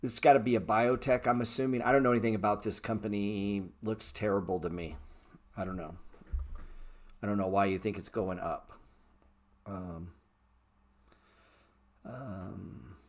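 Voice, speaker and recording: Blunt, profane lower-voiced male host. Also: unhurried, pauses often. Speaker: trading show host answering viewer chat. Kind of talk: casual livestream chat.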